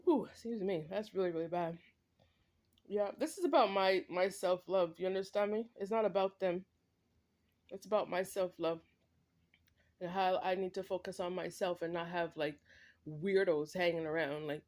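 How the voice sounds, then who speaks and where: A woman's voice: mid-range voice, normal speed, long pauses. A woman delivering a direct-to-camera spiritual monologue, emphatic and repetitive, with many "like" and "right?" tags and short laughs. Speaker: vlogger.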